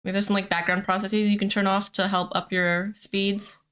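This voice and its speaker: A woman's voice: mid-range voice, level tone, moderate pace, a bit bright, clean tone. A woman hosting a casual live stream from home, rambling with lots of fillers and giggling often. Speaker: streamer and host.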